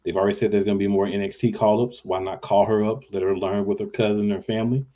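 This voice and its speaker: A man hosting a casual podcast, talking in an energetic, playful way. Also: fairly low pitch, fast. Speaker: podcast host. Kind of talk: casual chat. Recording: dull lo-fi audio.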